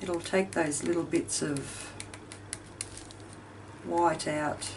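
Speaking very slowly in a low, steady voice, an Australian woman chats casually while crafting for her video, thinking aloud with a touch of self-deprecation. She's in her home craft room with the ceiling fan on, recorded on a distant mic that catches faint fan hum.

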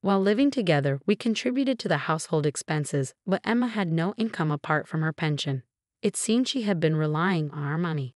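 A woman reads a scripted first-person family drama at a steady, measured pace. Her voice sits on the lower side, and the recording is dry and close, with no room sound. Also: dry recording.

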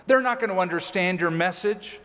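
A man's voice: high-pitched, fairly quick, a bit bright. A man preaching a verse-by-verse sermon as pastor, reading scripture aloud and then explaining it with casual, conversational asides. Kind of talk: expository sermon. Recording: hall with long reverb.

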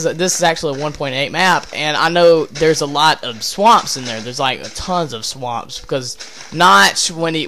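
A man's voice: fairly high pitch, fairly bright tone. A man giving casual let's-play commentary, rambling and interrupting himself, with offhand swearing as he talks to himself. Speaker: gameplay commentator.

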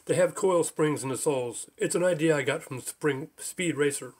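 A man's voice: a little high, moderate pace, husky. A man voicing a stern, proud old bearded bridgekeeper in an audiobook, with a clipped, commanding delivery. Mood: calm.

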